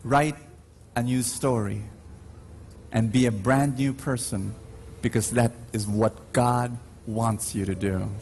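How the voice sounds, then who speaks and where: A man's voice: medium pitch, fairly even intonation, darkish tone, a little hiss or hum. A man preaching a sermon in a large church, emphatic and calling out to the congregation, drawing out his stories with dramatic rises. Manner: emphatic, call-and-response with the congregation; slow, drawn-out storytelling with dramatic rises. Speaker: preacher at Mass.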